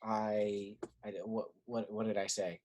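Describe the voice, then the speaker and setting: A woman's voice: rumbling low, little pitch movement, a little slow, warm tone. An actress playing a hesitant, dry young man in a staged reading over a video call. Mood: awkward, needling. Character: awkward young man, mild and sarcastic.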